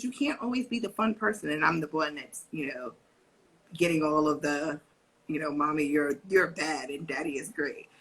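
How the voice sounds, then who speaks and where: Co-host, female, husky, bright tone, lively storyteller on a video call. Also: on the low side, rough recording. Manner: animated storyteller, acts out her daughter's voice. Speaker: co-host and parent educator. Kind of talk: casual live-stream chat.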